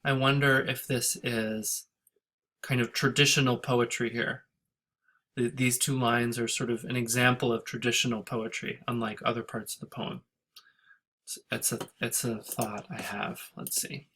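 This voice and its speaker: A man with a bright, forceful voice gives a recorded lesson on scanning a poem. He thinks out loud, restarts his sentences, and reads lines of verse in a lilting sing-song rhythm. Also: mid-range voice, little pitch movement, normal speed. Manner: thinking aloud, hesitant restarts. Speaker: teacher. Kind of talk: recorded lecture on poetry scansion.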